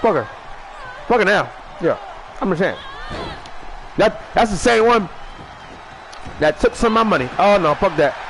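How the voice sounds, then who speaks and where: A man hosting a wrestling show, shouting a rambling profane comic monologue, stuttering at times and eating while he talks. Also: sits high, sing-song, moderate pace, long pauses, a faint crowd, slight background noise, rough recording. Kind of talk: loud profane comedic monologue.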